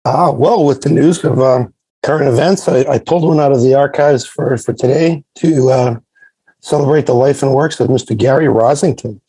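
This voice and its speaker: A man with a dark, husky voice presents his album pick, pausing often and filling gaps. The sound is dry and close. He talks at an easy, unhurried level. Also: medium pitch, no echo, rough recording. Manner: hesitant, many fillers. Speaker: regular presenter of a record segment. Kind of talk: casual chat on a live music show.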